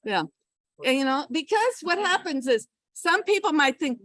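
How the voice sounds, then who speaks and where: A middle-aged woman giving a pronunciation workshop, lively and often checking in with her listeners. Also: sits high, normal speed, dry recording. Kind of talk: lecture to English teachers.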